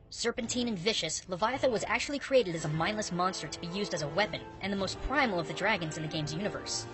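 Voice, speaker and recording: Fast bouncy woman narrating a video. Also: fairly low pitch. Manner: upbeat, bouncy, playful. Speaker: video host. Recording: voice-over with music behind.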